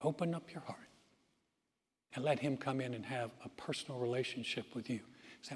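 A male pastor preaching a sermon in a church auditorium, telling stories earnestly and dropping to soft, quiet phrases. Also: mid-range voice, husky. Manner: earnest storytelling with dramatic pauses, softening to near-whisper. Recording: reverberant hall with music behind.

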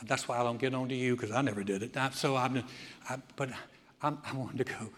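A man preaching a sermon to a congregation, moving between loud, emphatic passages and a quiet, low prayer voice. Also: moderate pace, long pauses. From United States. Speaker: pastor. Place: church sanctuary. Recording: long church reverb.

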